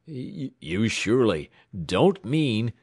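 A man's voice: medium pitch, sing-song, slow pace, a little mellow, husky, no room sound, studio quality, pitched above the performer's own voice, exaggerated voice. A man voicing a pompous young male railroad clerk who quavers and stammers when frightened.

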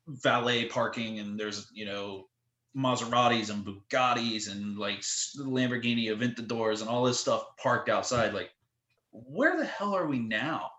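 Animated storytelling man in a roomy space. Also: on the low side. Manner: animated, lots of "like" fillers, acts out quotes. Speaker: guest telling tour stories. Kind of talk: casual storytelling in a podcast interview. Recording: roomy echo.

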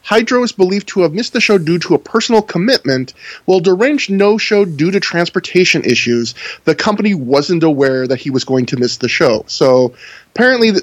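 A man's voice: a little high, dry recording. A man co-hosting a podcast, telling stories wryly and reading match results. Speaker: podcast co-host. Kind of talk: casual chat and reading news.

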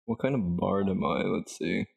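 A man's voice: low-pitched, normal speed, creaky, darkish tone, breathy edge. A man playing a tabletop game, chatting with dry, teasing remarks. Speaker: player. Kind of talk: casual banter at a game table.

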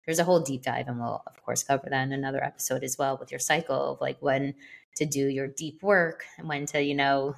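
A woman's voice: very deep voice, fairly even intonation, brisk, creaky. A woman co-hosting a podcast in casual chat, rambling along with lots of "like" and "you know.". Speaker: podcast co-host.

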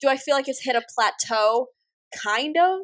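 A woman's voice: high voice, lively intonation, normal speed. An American woman co-hosting a podcast in casual chat, offhand and blunt, posing rhetorical questions. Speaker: podcast co-host.

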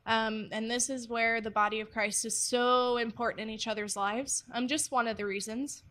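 A woman's voice: fairly high pitch, steady tone, normal speed, fairly bright tone. A young woman speaking earnestly about faith, candid and personal, with frequent ums. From United States. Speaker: church ministry speaker. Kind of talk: faith-based teaching talk.

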